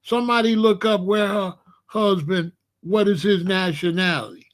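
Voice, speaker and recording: High-pitched man, blunt commentary. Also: normal speed. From Chicago. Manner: blunt, profane, opinionated. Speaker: host. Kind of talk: casual commentary rant.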